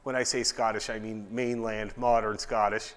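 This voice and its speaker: A man's voice: lowish voice, level tone, normal speed. A man leading a fiddle orchestra rehearsal, explaining parts in an encouraging way. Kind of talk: music rehearsal instruction. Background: fiddles playing.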